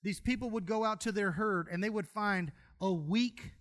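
A man delivers a sermon in a church. His voice sits high and bright. He jokes and tells homespun stories between verses. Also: moderate pace. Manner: folksy, humorous storytelling preacher. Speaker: pastor.

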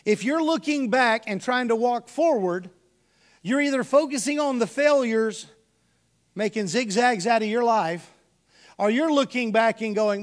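Man, preacher, high-pitched, folksy storytelling sermon. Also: normal speed. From Texas. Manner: folksy storytelling, addresses the congregation as y'all. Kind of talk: sermon with personal stories.

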